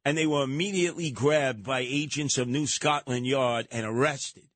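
Bright, sarcastic talk radio host. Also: male voice, mid-range voice, moderate pace, dry recording. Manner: sarcastic, animated, slips into mocking voices.

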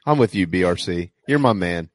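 A man's voice: sits low, animated, brisk, a crowd in the background. A man hosting a sports talk show, teasing his co-hosts wryly and plugging events. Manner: wry, exasperated teasing. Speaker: radio show host.

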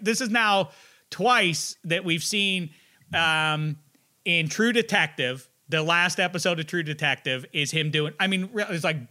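A man's voice: a little high, bright, forceful tone. A man hosting a casual podcast chat, rambling and joking, with a habit of slipping into mock accents. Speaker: podcast host.

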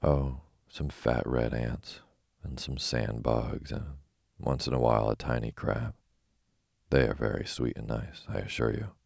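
A deep-voiced man reading a brisk yellow hen. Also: gravelly, no echo, clean studio sound, exaggerated voice. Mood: matter-of-fact. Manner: calm, gently read in a sleepy storytelling voice. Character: brisk matter-of-fact yellow hen, female. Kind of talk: bedtime story reading.

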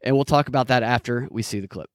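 A man's voice: mid-range voice, fast, dry recording, clean studio sound. A man hosting a podcast, mocking the clips he plays and parroting quotes sarcastically. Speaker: podcast host. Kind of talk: commentary over played clips.

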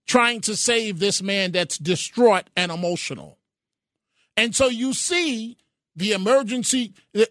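A man's voice: high voice, sharp tone, no echo. A man hosting a talk radio show, telling a story in an emphatic, impassioned way from a radio studio. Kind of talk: opinionated talk radio monologue. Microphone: studio microphone.

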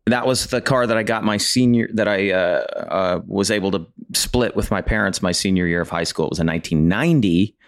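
A man co-hosting a comedy podcast game, speaking in a halting way with frequent restarts. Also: low-pitched. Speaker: podcast co-host and game contestant. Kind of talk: casual comedic chat.

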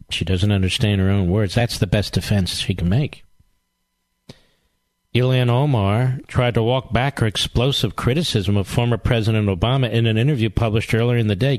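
A man's voice: medium pitch, dry recording. A man hosting a political talk show, delivering a combative, sarcastic monologue full of rhetorical questions and repetition.

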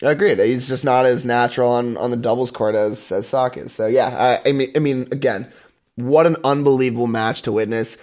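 A man's voice: medium pitch, steady tone, fairly quick, darkish tone. A young man from Southern California, co-hosting a casual chat in a laid-back way, often hedging with "I mean.". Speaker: podcast co-host.

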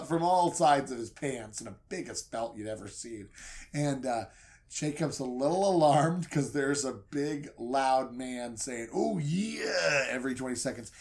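A man telling a comedic story in a rambling way, often breaking into laughter. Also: mid-range voice. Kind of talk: comedic retelling.

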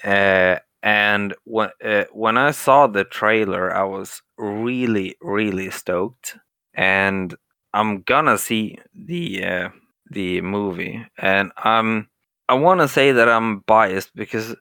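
A man's voice: fairly low pitch, slow pace, bright, forceful tone, dry recording, studio quality. A Swedish man, tipsy, rambling and stumbling over his words in a casual podcast chat over a call. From Sweden. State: drunk. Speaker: podcast co-host. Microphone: remote call mic.

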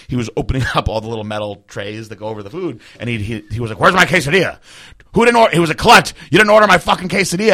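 A man telling a long story in casual chat, rambling and profane, laughing at himself. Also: lowish voice. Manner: rambling, profane, self-deprecating.

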